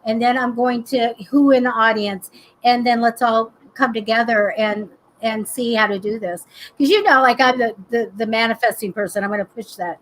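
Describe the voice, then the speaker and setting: A woman with a high voice hosts a casual live psychic chat. She talks in a chatty, animated way and slips into stories as she goes. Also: normal speed, rough recording. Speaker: psychic host.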